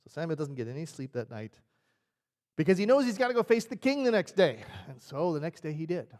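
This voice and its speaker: A man's voice: a little high, very animated, fairly quick, darkish tone. A male pastor preaching a sermon in a conversational, storytelling way. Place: church sanctuary. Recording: reverberant church sanctuary.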